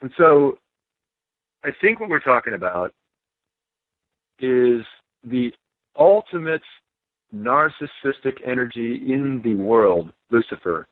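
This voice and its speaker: Guy calling in on a phone line, tinny, talks emphatic and laughs a lot, mid-pitched. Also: sing-song, slow pace, pauses often, dry recording. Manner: emphatic, laughs between points. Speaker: guest author. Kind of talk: animated podcast conversation.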